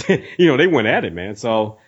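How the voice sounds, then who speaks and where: A man's voice: mid-range voice, big pitch swings, normal speed, slightly rough, muffled recording. A man co-hosting a podcast in casual chat, laid-back, laughing often and leaning on fillers. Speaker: podcast co-host.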